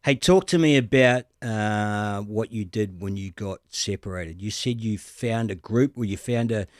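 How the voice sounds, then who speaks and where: A man's voice: lowish voice, unhurried, no echo, clean studio sound. An Australian man hosting a podcast in casual conversation, blunt and joking, swearing freely. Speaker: podcast host.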